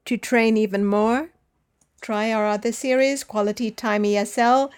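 A woman teacher hosting a pronunciation podcast, reading out words slowly and carefully for listeners to repeat. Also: on the high side, fairly even intonation, clean tone. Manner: slow, carefully enunciated drilling. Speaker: language teacher.

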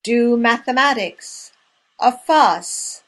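A woman leading a language lesson drill, speaking slowly and clearly and pausing between words. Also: on the high side, lively intonation. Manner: clear, measured, spacing out each word. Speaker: language teacher. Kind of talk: slow, deliberate language drill.

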